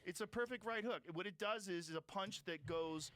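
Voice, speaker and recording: Animated, profane man in casual chat. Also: sits high, normal speed. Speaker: podcast host.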